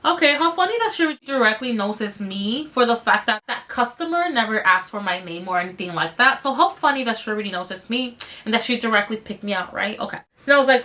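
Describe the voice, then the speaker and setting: A young woman vlogger telling a workplace story while doing her makeup, animated and swearing freely, her throat slightly strained. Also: fairly high pitch, brisk. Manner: animated, swearing, addresses viewers as you guys. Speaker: beauty vlogger.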